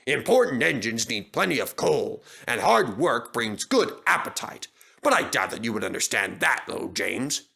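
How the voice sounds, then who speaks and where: A man's voice: mid-range voice, big pitch swings, normal speed, vocal fry, sharp tone, full character voice. A man voicing a proud, pompous male steam engine in a storybook reading, speaking in a haughty, lordly way.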